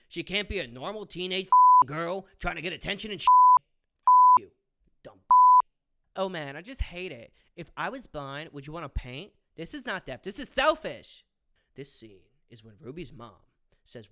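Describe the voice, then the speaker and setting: A man's voice: high voice, sharp tone. A young man ranting profanely about a movie review in a combative vlog, swinging between mutters and outbursts. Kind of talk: ranting commentary.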